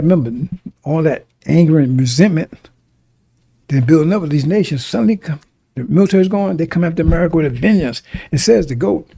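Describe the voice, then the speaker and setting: A man delivers a sermon in a gravelly, husky voice, warm and low in tone. He hammers his points through repetition and keeps asking his listeners whether they follow. The recording is dry and close. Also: no room sound. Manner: emphatic, repetitive, addresses listeners directly. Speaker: preacher.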